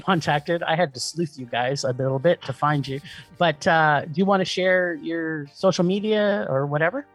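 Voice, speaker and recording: A man's voice: fairly high pitch, no echo. A man hosting a podcast, chatting in a casual, joking and eager way with his guests. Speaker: podcast host. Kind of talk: casual interview chat.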